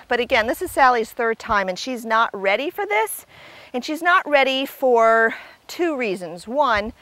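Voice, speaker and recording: A woman's voice: fairly high pitch, a bit bright, no echo. A woman working as a dog agility trainer outdoors, coaching and explaining as she works a dog, breaking into squealing praise and frequent laughter.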